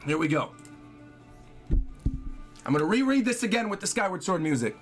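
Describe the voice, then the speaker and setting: Young male streamer with a high voice, reading panels aloud dramatically and excitedly. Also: faint music behind. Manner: excitable, reads dialogue dramatically with long drawn-out pauses. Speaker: streamer reacting to a manga chapter.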